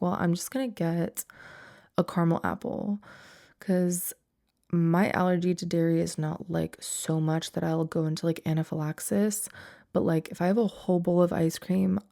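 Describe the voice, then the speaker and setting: A woman's voice: fairly low pitch, vocal fry, mellow. A young woman in her twenties hosting a solo podcast, chatting casually with lots of "like" fillers and frequent laughter. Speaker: podcast host.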